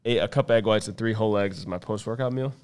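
A man's voice: lowish voice, quick pace, a little mellow, clean tone. A man co-hosting a podcast in laid-back casual chat, goofy and playful. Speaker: podcast co-host.

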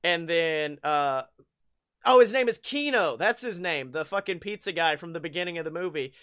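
A man's voice: fairly high pitch, expressive, normal speed, sharp tone. A man hosting a podcast, recapping a movie in a rambling, profane way with frequent laughs. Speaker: podcast host. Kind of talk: casual chat recapping a movie.

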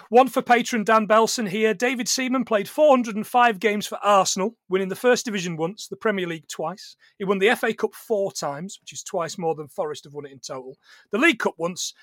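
A British man co-hosting a casual film podcast, sweary and animated, often slipping into silly quoted voices. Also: high-pitched, moderate pace, no room sound, clean studio sound. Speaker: podcast co-host. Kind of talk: casual film commentary chat.

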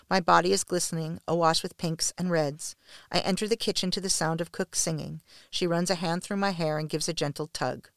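A woman reading a first-person story aloud in a measured, even way. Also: on the low side, vocal fry, clean tone, no room sound, clean studio sound. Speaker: narrator.

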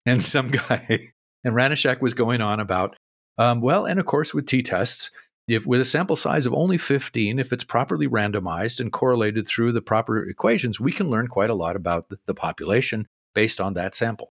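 A middle-aged man on a podcast, co-hosting and telling an animated story with a lot of laughter. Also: medium pitch, moderate pace, no room sound, studio quality. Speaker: co-host. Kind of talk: casual storytelling.

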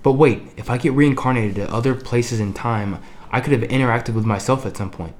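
A man's voice: medium pitch, a little fast, darkish tone, natural voice. A man voicing a recently deceased middle-aged man, curious and full of questions, in an amateur story reading. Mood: puzzled.

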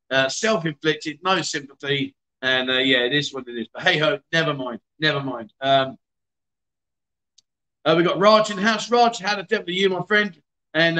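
Man, livestream host, hungover, chatty, bright forceful voice, fairly high. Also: rough recording. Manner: chatty, greets viewers by name, self-mocking. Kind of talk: casual livestream chat.

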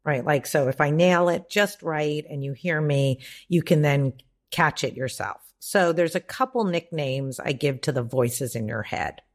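A woman's voice: deep voice, unhurried. A woman life coach on a podcast, talking emphatically and profanely, acting out the voices in people's heads. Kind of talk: podcast conversation.

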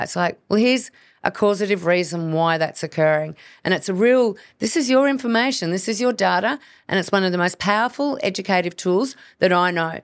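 Woman host, earnest health-coach delivery, mid pitch, dry booth sound. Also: brisk, no echo. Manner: earnest, coaching, acts out inner voices. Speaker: podcast host, hormone practitioner. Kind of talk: solo educational podcast talk.

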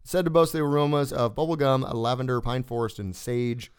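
A man hosting a casual podcast, reading news stories in a relaxed, joking way with fillers. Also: medium pitch, brisk, smooth. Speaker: podcast host.

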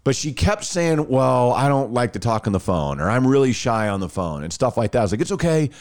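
Man, thirties, podcast host, casual storytelling, lively up-and-down pitch, acts out dialogue. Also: a little fast. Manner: animated, acts out quoted dialogue.

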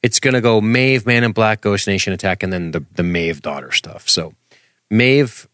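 A man's voice: fairly low pitch, normal speed, fairly bright tone, no room sound, clean studio sound. A man co-hosting a casual recap chat, walking through scenes, quoting the lines and laughing often. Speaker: podcast co-host.

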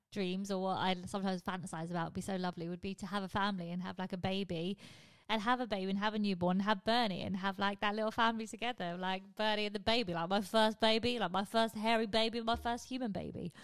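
A woman's voice: mid-range voice, clean tone, no echo. A woman hosting a podcast, chatting in a candid, rambling way and swearing offhandedly. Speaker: podcast host. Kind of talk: casual podcast chat.

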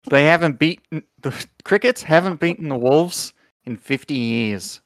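A man's voice: fairly high pitch, no room sound, voice pushed up, lightly acted. Man playing a drawling grifter dad with an Australian accent. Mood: scheming. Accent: attempted Australian. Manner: drawling, halting with "uh" fillers. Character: scheming grifter father, gruff.

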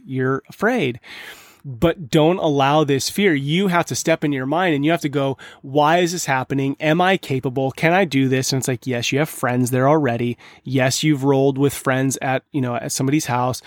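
Earnest higher-voiced man telling a story. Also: dry recording, studio quality. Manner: earnest, conversational, with frequent restarts. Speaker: podcast host. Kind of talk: casual storytelling monologue.

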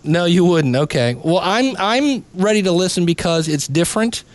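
A man's voice: high voice, animated, moderate pace, no room sound. Chatty man reviewing a podcast live. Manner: chatty, many restarts and fillers. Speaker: podcast coach reviewing a show.

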